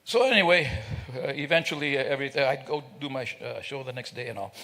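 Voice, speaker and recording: A guest speaker at an event hall, a man with a mid-range voice, talks at a quick pace in a sharp tone. He jokes with the audience and acts out sounds and voices while telling stories. The hall gives the recording a long reverb.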